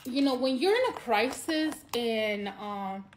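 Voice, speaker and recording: A woman talking in a personal vlog monologue, emotional and near tears, halting and repeating herself, her voice jumping up when she is moved. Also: on the high side, sing-song, a little hiss or hum. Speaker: vlogger.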